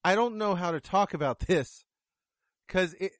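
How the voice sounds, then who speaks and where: A man's voice: high voice, normal speed, a bit bright, dry recording, studio quality. A man giving a casual, blunt and profane movie review, sarcastic about what he dislikes. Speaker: film reviewer.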